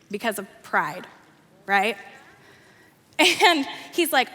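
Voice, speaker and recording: Young woman preaching to teens, high bright voice, big echoey hall, acts out the characters. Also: measured pace, pauses often. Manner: animated storytelling, acting out characters' lines. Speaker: youth ministry coordinator. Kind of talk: youth sermon. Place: church worship hall. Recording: long hall reverb.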